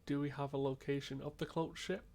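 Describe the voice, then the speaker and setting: A man's voice: fairly high pitch, level tone, fairly quick, darkish tone. A man taking part in a tabletop game, giving orders in character as a commander. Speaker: player.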